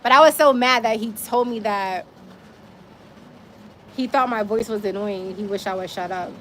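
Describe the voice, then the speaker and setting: A woman telling her own story on a casual livestream, animated and emphatic, swearing now and then. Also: medium pitch, moderate pace, a little hiss or hum.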